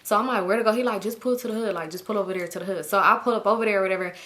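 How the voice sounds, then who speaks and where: A woman, telling a story in a casual vlog and acting out everyone's lines with big jumps in her voice. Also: racing. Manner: animated, acts out quotes with big pitch jumps. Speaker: storytime vlogger.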